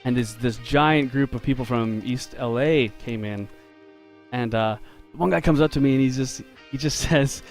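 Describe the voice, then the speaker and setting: A man telling a story in a relaxed, chatty way, laughing often as he draws live on a stream for his viewers. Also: mid-range voice, normal speed, soft background music. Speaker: game developer and artist streaming live. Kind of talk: casual storytelling while drawing on a live stream.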